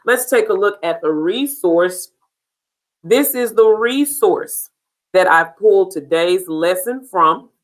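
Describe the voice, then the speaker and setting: A woman teacher giving an online phonics lesson, speaking patiently and sounding out each letter clearly. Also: mid-range voice, expressive, takes it slowly. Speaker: reading intervention teacher.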